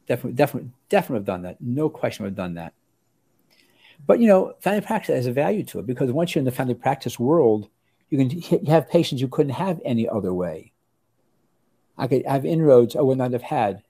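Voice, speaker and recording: An older male doctor recalling his training in a relaxed interview. His voice is warm and mellow, and he rambles, restarting sentences and slipping into quoted voices. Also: mid-range voice, slightly rough. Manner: rambling, with many restarts and lively acted quotes. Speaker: osteopathic family physician, interview guest.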